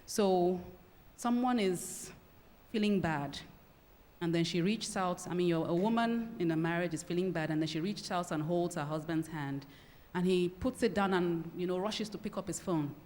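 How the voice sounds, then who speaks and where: A woman lecturing in a hall, her lowish voice carrying a long reverb. She explains ideas plainly and slips into brief acted-out exchanges to make her points. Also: moderate pace. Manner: animated, acts out short example dialogues. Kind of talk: public lecture.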